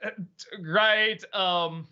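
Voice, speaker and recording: A man's voice: high voice, steady tone, bright, forceful tone, smooth, dull audio. A man hosting a casual live-stream chat, stammering a little and laughing often. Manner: chatty, stammering, quick laughs. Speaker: host.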